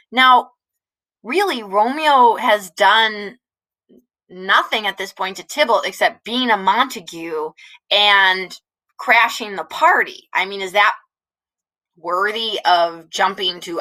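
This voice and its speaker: Slow, chatty woman teacher. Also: medium pitch, pushed and bright, low-quality recording. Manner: casual and chatty, many fillers. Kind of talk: explaining a play in a recorded lesson.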